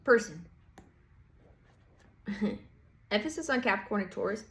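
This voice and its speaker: A woman's voice: medium pitch, expressive, unhurried, vocal fry. Rambling, swearing woman tarot reader. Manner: rambling, profane, lots of fillers and playful quoted voices. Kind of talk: casual tarot reading monologue.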